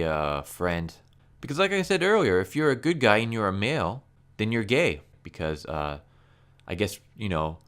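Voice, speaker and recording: Brief: a low-voiced, sarcastic man in casual comic-review commentary, smooth and exasperated. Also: fairly bright tone.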